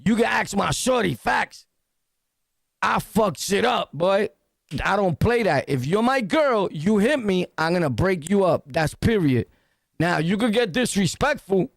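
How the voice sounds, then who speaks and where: A Brooklyn man reacts in a loud, profane rant thick with street slang, laughing between lines. His voice sits high and rough with fry. The recording is dry and close. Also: expressive, measured pace, dry recording. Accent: Brooklyn New York. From Brooklyn, New York. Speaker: reaction commentator.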